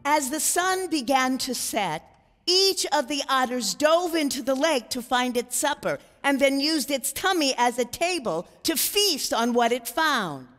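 Animated woman reading a children's story. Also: high-pitched, measured pace, big-room sound, soft background music.

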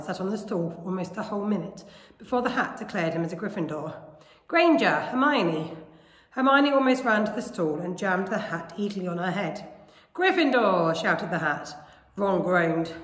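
A woman teacher reads a children's novel aloud, calling out names with lively expression. Her voice sits at a middling pitch, and the room lends it a roomy echo with a long reverb tail. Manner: expressive storytelling, lively name calls. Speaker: primary school teacher.

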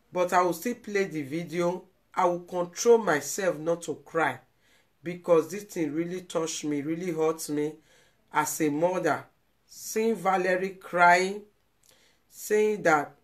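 Female vlogger with a Nigerian accent, slow and emotional, pleads and repeats lines on live video. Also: lowish voice.

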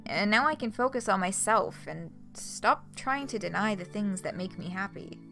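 A weary, soft-spoken man just out of a marriage, read aloud by a woman. The delivery is subdued and sincere, a touch lower than her usual voice. The tone stays bright and forward. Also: lively intonation, moderate pace, faint music behind. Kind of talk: reading game dialogue aloud.

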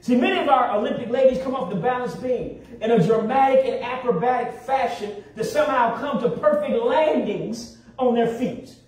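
A man preaching a sermon in a church, with call-and-response and drawn-out emphasis. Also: extremely high pitch, darkish tone. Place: church sanctuary. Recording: very echoey hall, distant mic.

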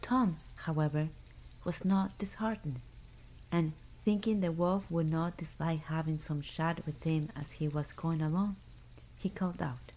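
A woman reading a fairy tale aloud in a soft, hushed, unhurried ASMR bedtime style. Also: sits low, fairly even intonation, slight background noise, poor audio. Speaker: storyteller.

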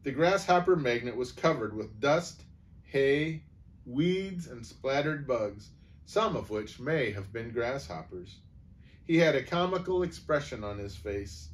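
A man's voice: mid-range voice, animated, a little slow. A man reading a humorous story aloud, voicing each character in turn.

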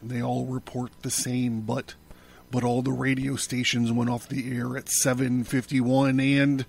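A man voicing a frightened, weary male chief engineer who stammers softly. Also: mid-range voice, little pitch movement, unhurried, vocal fry, a little hiss or hum. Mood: fearful. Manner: stammering, soft-spoken.

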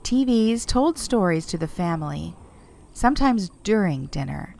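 A quiet, steady girl in a storybook who leads the others and settles their disputes, read by a woman. She speaks slowly, in a lowish, even voice. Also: gravelly, a little hiss or hum, heavily acted. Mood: decisive. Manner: quiet, decisive.

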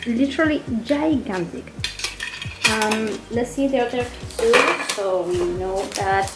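A young woman from Argentina, casually chatting through an unboxing as a gushing, excitable fan who giggles and says "um" often. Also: on the high side, a little slow, heavy background noise. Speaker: vlogger. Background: faint background music.

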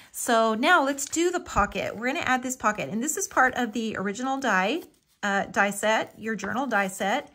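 A woman's voice: medium pitch, fairly bright tone. A middle-aged woman hosting a live papercraft tutorial, chatty and homey, with frequent ums and lots of "little" and "so cute". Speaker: craft tutorial host.

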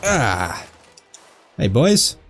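A man giving casual, jokey let's-play commentary, excitable and full of goofy asides. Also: medium pitch, drawn-out words, faint music behind. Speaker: gameplay commentator.

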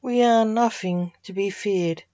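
Junior: quiet young man, necromancer, touchy, slow words, read by a woman. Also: mid-range voice, no room sound, dull audio, lightly acted. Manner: quiet, sniffing, snaps when annoyed.

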